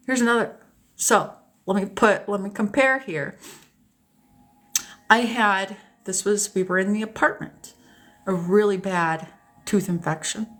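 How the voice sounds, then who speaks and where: A woman hosting a casual live stream, telling personal stories to her viewers in an animated, candid way and swearing freely. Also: medium pitch, unhurried, long pauses. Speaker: host. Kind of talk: casual storytelling chat to a live audience.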